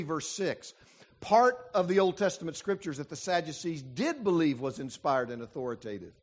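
A man preaching a sermon as a pastor, emphatic and full of dramatic pauses. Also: sits high.

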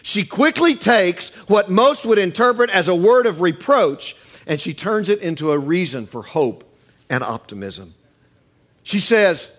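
Animated, lively-voiced male preacher. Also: high voice, measured pace. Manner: animated, acts out quoted voices with humor. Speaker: pastor. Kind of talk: sermon.

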